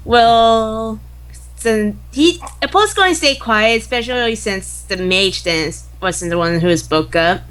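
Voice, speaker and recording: Woman, tabletop player, bright tone, slow delivery, chatty, faint background hiss. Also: a little high. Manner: chatty, breaks into laughs. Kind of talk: casual chat during a tabletop game.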